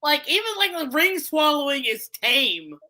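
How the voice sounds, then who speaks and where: A woman's voice: high-pitched, big pitch swings, normal speed, bright, forceful tone. A woman co-hosting a casual video reaction chat, swearing freely, laughing often and repeating words.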